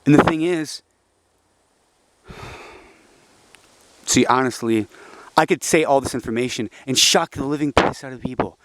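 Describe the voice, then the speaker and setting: A man's voice: unhurried, pauses often, fairly bright tone, no echo. Agitated, profane young man ranting. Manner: agitated, profane, swings between preachy and low frustrated mutters. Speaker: vlogger. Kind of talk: casual rambling monologue.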